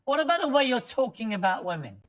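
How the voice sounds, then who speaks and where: A woman's voice: big pitch swings, fast talker. A woman playing an indignant interviewer who keeps accusing her guest of sexism and racism. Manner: outraged accusations, shrill outbursts.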